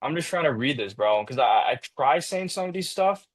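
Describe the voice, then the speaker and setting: Hesitant man practicing a sales pitch. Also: expressive, normal speed, dry recording. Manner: hesitant, restarts lines, reads from script. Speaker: sales trainee. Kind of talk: sales role-play practice.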